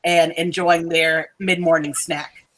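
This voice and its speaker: A woman narrating a tabletop role-playing game as game master, playful and quick to laugh. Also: deep voice, level tone, fairly bright tone, poor audio.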